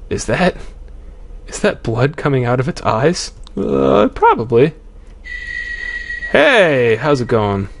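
A man's voice: medium pitch, a little hiss or hum. Jumpy man commentating a horror game. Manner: jumpy, swears often, reads game text aloud. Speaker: let's play commentator. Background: game music.

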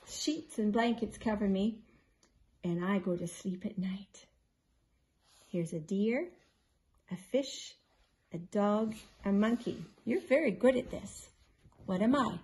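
Slow, gentle grandmother reading aloud. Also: medium pitch. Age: older. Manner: slow, gentle, playful quizzing with hums. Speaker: grandmother reading a picture book. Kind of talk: bedtime story reading to grandchildren.

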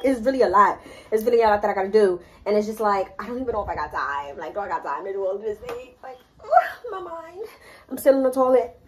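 A young woman talking casually to her camera in a vlog, rambling with lots of fillers, slightly sick with a cough. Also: mid-range voice. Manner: rambling, fillers like "like", addresses viewers as y'all. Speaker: vlogger.

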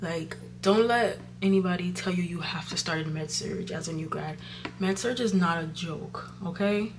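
Chatty young woman vlogging, lowish voice. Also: moderate pace, background noise. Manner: chatty, emotional, many fillers like "like" and "you know". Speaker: vlogger, nurse starting midwifery school. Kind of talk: casual vlog chat. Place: indoors by a window.

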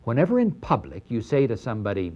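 An older man giving a lecture on scripture, animated and acting out the dialogue in dramatic voices. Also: medium pitch, quick pace, muffled recording. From Middle East. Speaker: lecturer on the New Testament. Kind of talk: university-style lecture.

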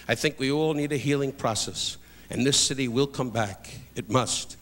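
An older man doing live insult stand-up on a theater stage, loud and brash as he barks jabs at the audience. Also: mid-range voice, normal speed, big-room sound. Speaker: insult comedian. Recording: live theater show, loud crowd and noise. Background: loud audience laughter.

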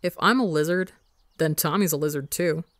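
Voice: medium pitch, normal speed, fairly bright tone, dry recording, clean studio sound, natural voice. A reader doing a grumbly, reluctant boy. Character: hesitant, grumbly older brother boy.

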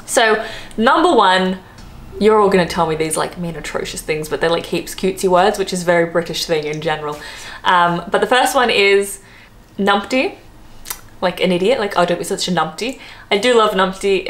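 A woman's voice: medium pitch, a bit bright. A young Australian woman chatting casually to camera as a vlogger, laughing often and drifting into asides.

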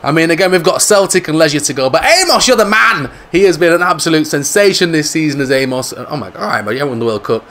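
A man with a fairly high voice talks casually over his football video game. He is jokey and excitable, and he yells when a chance or a goal comes along. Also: fast, hardly any pauses. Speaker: gaming YouTuber. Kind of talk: casual gameplay commentary.

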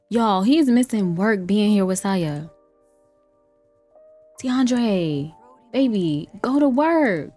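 A young woman giving casual commentary on a life-simulation game, chatty and playful, laughing often and breaking into excited exclamations. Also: mid-range voice, slow pace, long pauses. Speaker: let's play streamer. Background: faint lofi background music.

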